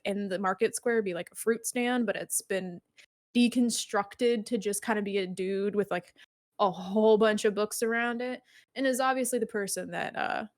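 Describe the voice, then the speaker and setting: A woman's voice: medium pitch, dry recording. Woman gm narrating, lots of likes and ums, dead dry sound. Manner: loose, rambling narration with many fillers. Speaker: game master. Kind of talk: narrating a tabletop game.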